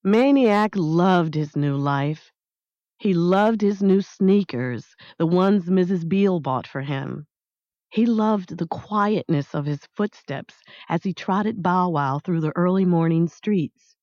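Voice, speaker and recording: A woman reads a story aloud slowly and deliberately, with a lyrical lilt. Her voice sits a little low, and the recording is dry and slightly dull, with no room sound. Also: animated, mellow, dry recording. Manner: slow, measured, lyrical reading. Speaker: audiobook narrator. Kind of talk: scripted narration.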